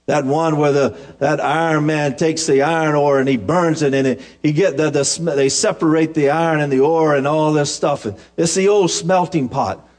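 A man preaching a sermon in a folksy storytelling way, with humorous asides and repeated, restarted phrases. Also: high voice.

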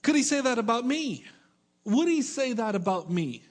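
Middle-aged male pastor, very high pitch, emphatic sermon delivery with playful asides. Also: big pitch swings, normal speed. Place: church with congregation.

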